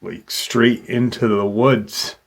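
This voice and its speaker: A man's voice: fairly low pitch, fairly even intonation, slow, vocal fry. A man hosting a paranormal channel, casually retelling a witness's encounter with loose fillers.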